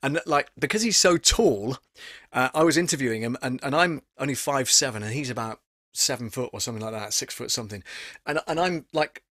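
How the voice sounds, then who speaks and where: A man's voice: medium pitch, lively intonation, a little fast, fairly bright tone, no room sound. A man hosting a casual voice-acting live stream from a home studio, rambling and chatty with many fillers.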